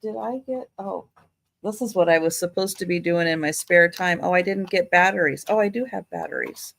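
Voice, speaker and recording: A woman co-hosting a live sale, talking slowly and deliberately as she describes items. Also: lowish voice, vocal fry, fairly bright tone. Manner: slow, deliberate, exclaiming. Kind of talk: casual live-stream selling.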